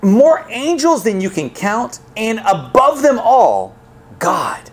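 Preaching as a pastor, this man speaks slowly in a voice that sits high. His delivery is chatty and lively, with frequent restarts.

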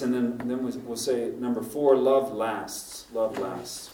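Middle-aged preacher, animated storyteller, mic at a distance in an echoey church. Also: male voice, medium pitch, slow pace, hardly any pauses, a little hiss or hum. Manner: storytelling, animated, building to emphatic points. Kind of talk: sermon. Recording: roomy echo, from off the mic.

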